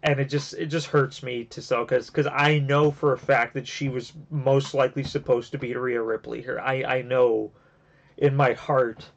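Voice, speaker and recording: A man's voice: medium pitch, fairly even intonation, normal speed, gravelly. A man hosting a casual wrestling review show, rambling with lots of fillers and restarts, and getting emotional at times. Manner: gets emotional and teary. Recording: dull lo-fi home recording.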